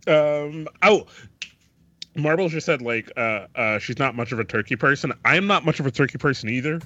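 A man's voice: mid-range voice, moderate pace, pushed and bright, dry recording. A man co-hosting a podcast in casual chat, hesitant and repeating his words. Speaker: podcast co-host. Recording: dull lo-fi mic.

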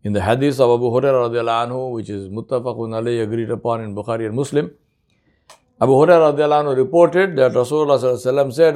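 A man's voice: mid-range voice, racing, a little mellow. A man preaching a sermon, telling a story earnestly and using frequent Arabic honorifics.

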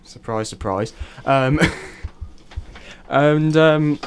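A young man hosting a student radio show, telling stories in an excitable, rambling way. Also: mid-range voice, slow, a little hiss or hum. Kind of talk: casual chat.

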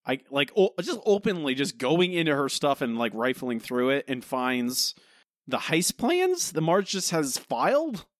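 A man's voice: on the high side, sing-song, measured pace, no echo, clean studio sound. A man co-hosting a podcast, critiquing an episode in rambling, casual chat full of fillers and restarts. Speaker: podcast co-host.

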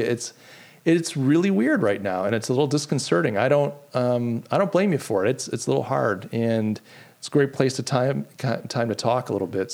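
Indignant, animated American podcast host. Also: male voice, mid-range voice. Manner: animated, indignant storytelling with lots of restarts. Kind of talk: casual solo podcast talk, reading chat comments.

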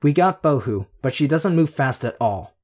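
A man voicing a sardonic teenage girl in an audiobook, lifting his voice slightly and talking quickly. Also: on the high side, lively intonation, a little mellow, voice pushed up. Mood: wry. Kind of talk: audiobook character voice.

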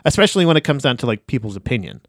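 A man's voice: medium pitch, very animated, rapid-fire, no echo, studio quality. A man co-hosting a podcast in casual chat, joking, swearing and laughing often. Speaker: podcast co-host.

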